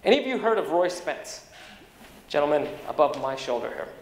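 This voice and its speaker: A man giving a motivational keynote speech, an energetic storyteller who swings in pitch and loudness. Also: normal speed, a little hiss or hum. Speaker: keynote speaker. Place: large conference hall. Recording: echoey conference hall with long reverb.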